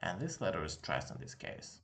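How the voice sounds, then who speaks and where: Street noise from an open window backs this casual online language lesson, led by a man whose native language is Russian and who has a Russian accent. His voice is low and fairly bright, with huge pitch swings and a fairly quick pace, and he patiently repeats words for practice.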